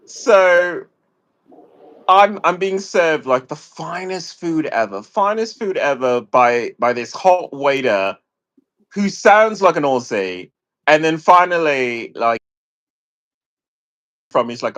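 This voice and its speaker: Guest on a stream, an excitable man, voice jumps around a lot and sits a bit high. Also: slow pace, long pauses. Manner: excitable, animated storytelling. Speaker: livestream guest. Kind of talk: casual livestream chat.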